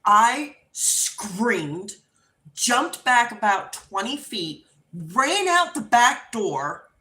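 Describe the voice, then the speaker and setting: Casual live host, lively woman storyteller, bright voice, unhurried, laughs often. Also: fairly high pitch. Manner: animated, laughing, acts out voices. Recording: roomy echo.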